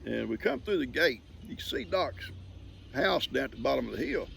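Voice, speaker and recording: A man's voice: medium pitch, very animated, moderate pace, vocal fry, fairly bright tone, slight background noise. An older man, chuckling as he tells a folksy story on his farm. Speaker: vlogger. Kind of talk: casual storytelling. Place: outdoors on a farm.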